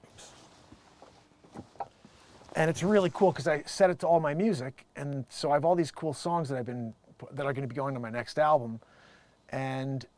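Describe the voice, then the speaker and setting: A man hosting his own video show, talking in a rambling, animated way, laughing often and acting out what other people say. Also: medium pitch, normal speed, long pauses, no echo. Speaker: video host. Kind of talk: casual political commentary.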